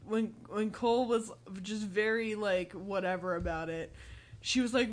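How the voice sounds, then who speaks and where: A young woman co-hosting a casual movie chat, retelling scenes in an animated way and laughing as she goes. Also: mid-range voice, moderate pace. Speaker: podcast co-host.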